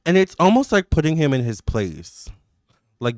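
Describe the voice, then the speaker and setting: A man with a smooth, resonant mid-pitched voice talks through a tarot reading for his audience. He rambles, restarts his sentences and leans on fillers, sounding emphatic and indignant. The sound is dry and close. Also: huge pitch swings, normal speed, a little mellow, no room sound. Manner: rambling, filler-heavy talk with many restarts. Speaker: tarot reader. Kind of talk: casual psychic tarot reading to camera.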